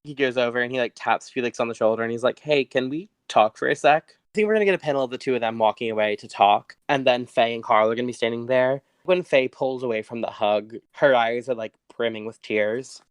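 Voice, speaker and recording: A man's voice: medium pitch, fast talker, hardly any pauses, smooth, no room sound. A man narrating his moves in a tabletop game, in a loose storytelling way with many fillers. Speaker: player.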